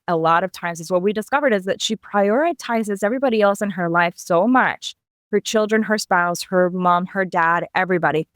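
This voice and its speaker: A woman guest on a podcast interview, speaking in an animated way and acting out voices in her stories. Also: medium pitch, clean tone, no echo, studio quality. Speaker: guest, mentor. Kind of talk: casual interview chat.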